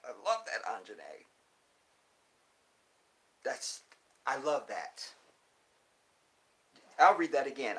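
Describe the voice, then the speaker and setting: A man's voice: medium pitch, fairly bright tone. A man with a Texas accent chatting on a phone livestream and reading viewer comments aloud, now and then breaking into heated, profane rants. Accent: Texan. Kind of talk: casual livestream chat.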